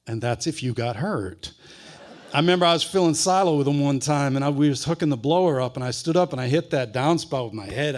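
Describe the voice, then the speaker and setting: Folksy storyteller man. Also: medium pitch. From rural Wisconsin. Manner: folksy and unhurried, drops to a hush for tender moments. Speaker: humorist author and speaker. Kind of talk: humorous live storytelling. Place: stage at a book festival kickoff.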